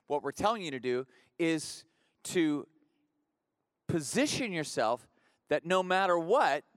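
A pastor preaching a conversational sermon in church, repeating phrases and building rhythmic refrains. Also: male voice, a little high, fairly bright tone, no room sound, studio quality.

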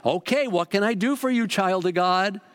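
A man doing a gushing, high-pitched churchy shop lady. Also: a bit bright, clear, resonant tone. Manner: effusive, drawn-out, sing-song. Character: gushing pious woman shop clerk.

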